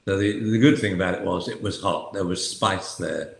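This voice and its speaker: A man's voice: deep voice, moderate pace, vocal fry. Wry older man on an echoey call. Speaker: dog trainer and show regular. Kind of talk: casual live chat.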